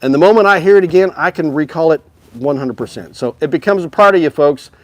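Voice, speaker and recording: A man's voice: a little high, fast talker, no echo. Dry, upbeat male live-stream host. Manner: upbeat and chatty, talking straight to viewers. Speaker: host of a live music store show. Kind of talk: casual live-stream sales chat.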